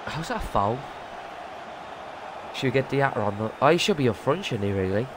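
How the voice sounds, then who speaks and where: A young man streams his football game and talks over it without a break. His voice sits in the middle range and jumps to excited yelps at big moments. Clear game noise runs underneath the whole time. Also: medium pitch, a little fast, pauses often. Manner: excitable, loud outbursts between muttered remarks. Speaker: gaming streamer. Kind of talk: live gameplay commentary.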